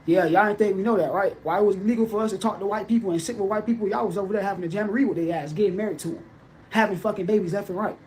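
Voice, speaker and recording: An angry speaker rants in a played clip, hurling insults and curses. The voice sits at a middle pitch. A faint noise runs behind it. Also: racing, darkish tone. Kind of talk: casual rant.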